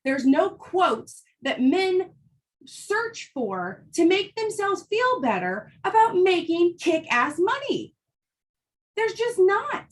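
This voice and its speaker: A woman's voice: high-pitched, fairly bright tone. A middle-aged woman giving a fired-up, emphatic motivational talk to the women in her business, blunt and happy to swear. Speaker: team leader addressing women in her business.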